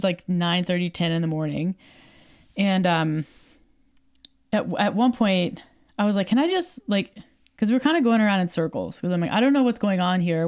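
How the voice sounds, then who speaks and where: A young Canadian woman co-hosts a podcast, her voice fairly low and a little mellow. She tells a story in casual chat, acting out quoted dialogue and filling it with lots of fillers.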